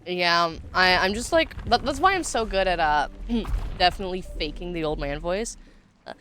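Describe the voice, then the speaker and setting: Lively young woman streamer chatting. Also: fairly low pitch, normal speed. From Washington state, USA. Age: 20s. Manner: chatty, swears when flustered. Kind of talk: casual livestream chat while gaming.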